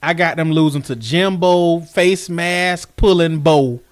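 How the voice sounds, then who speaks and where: A man co-hosting a sports podcast, excitable and teasing, laughing often. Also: fairly high pitch, takes it slowly. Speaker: podcast co-host. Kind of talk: casual sports banter.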